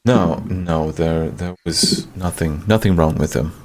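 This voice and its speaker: A man playing a tabletop game, slow and reassuring. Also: low voice, darkish tone. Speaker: player. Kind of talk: casual tabletop play.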